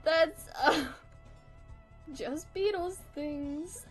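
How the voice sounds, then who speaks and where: A young woman chats casually on a livestream while she draws, swearing freely and laughing through her sentences. Her voice is a little high and slightly bright, her pace measured, with faint music in the background.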